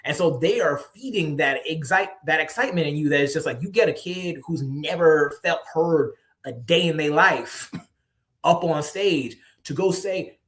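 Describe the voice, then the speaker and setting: A man's voice: fairly high pitch, moderate pace, fairly bright tone. A man, a poet and author, telling stories in a casual interview, laughing often and acting out the voices of the people he quotes.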